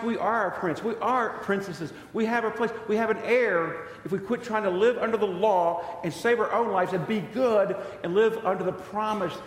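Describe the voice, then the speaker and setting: A male pastor delivers a sermon in a fairly high voice, telling stories and acting out the dialogue inside them. The sound rings through a church hall with a long reverb tail. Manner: storytelling preacher, acts out quoted dialogue.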